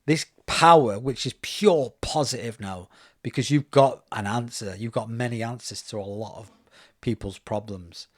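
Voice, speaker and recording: Animated man telling stories. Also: medium pitch, moderate pace, no echo, clean studio sound. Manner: animated storytelling, acts out quoted voices. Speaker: podcast host. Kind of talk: casual interview chat.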